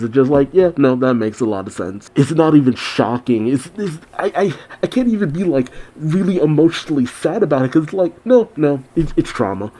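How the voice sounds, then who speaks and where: A man's voice: medium pitch, dark tone. A man giving casual reaction commentary on a manga chapter, thinking aloud and repeating words as he goes.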